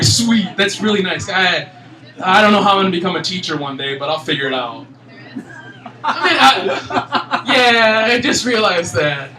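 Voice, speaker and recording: A young man from Michigan in his twenties doing a stand-up comedy set, ranting in an exasperated, animated way. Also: high voice. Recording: echoey room, mic at a distance.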